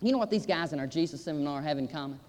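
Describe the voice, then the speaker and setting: A man delivers a sermon in a notably high voice, driving his points home with emphatic repetition. His words carry a long reverb, as if spoken in a large church hall. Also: expressive, racing, a little mellow. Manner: emphatic, repeats "I'm telling you". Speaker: preacher.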